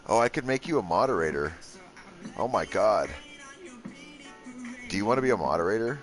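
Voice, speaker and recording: A man's voice: on the low side, expressive, moderate pace, soft background music. A man streaming gameplay live and joking sarcastically with his chat while he builds.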